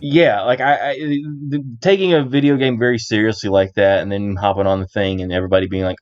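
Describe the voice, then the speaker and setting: A man's voice: fairly low pitch, fairly even intonation, fairly quick, few pauses. Man, podcast host, casual chat, rambling, jokey, dull lo-fi sound. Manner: rambling, jokey, acts out bits.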